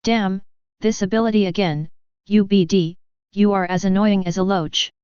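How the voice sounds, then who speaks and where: A woman voicing a huge, irritable male sand beast that gloats and roars, in a smooth voice on dull lo-fi audio. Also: mid-range voice, fairly even intonation, normal speed, a little mellow, dry recording, close to an everyday voice. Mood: irritated. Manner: gloating, roaring.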